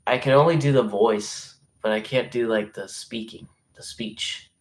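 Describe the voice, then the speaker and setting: A man's voice: fairly low pitch, unhurried. A young man hosting a live stream, rambling casually with lots of fillers and some swearing, and speaking with a regional accent. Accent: regional dialect, place unstated. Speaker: livestream host.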